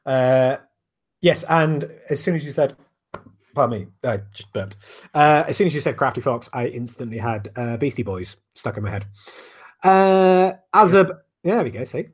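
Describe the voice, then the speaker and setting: A man's voice: medium pitch, normal speed, slightly rough. Rambling podcast host, man. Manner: rambling, casual swearing. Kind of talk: casual chat.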